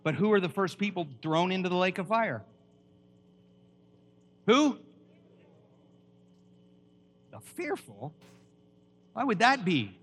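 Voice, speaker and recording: Man, pastor, emphatic sermon, high voice, questions the crowd. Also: sing-song, a little slow, long pauses. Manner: preachy and emphatic, quizzing the audience.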